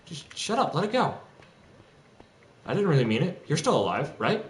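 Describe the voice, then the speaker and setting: This young man's voice sits on the high side with big pitch swings at a normal pace as he rants on stream, agitated, profane and rambling, restarting often. Faint typing and low noise echo through his home room.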